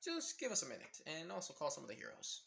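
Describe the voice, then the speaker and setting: A man's voice: a little high, wildly swooping pitch, fast talker, vocal fry, sharp tone, slightly rough, heavily acted. A man voicing a polite, cheerful teenage boy hero who turns lightly sarcastic at times.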